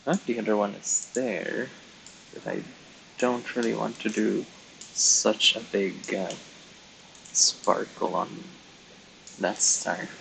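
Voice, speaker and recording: A man's voice: lowish voice, slow, vocal fry, pauses often, a bit bright, slight background noise, poor audio. A man streaming live, chatting casually while he colours, chatty and self-mocking with frequent giggles.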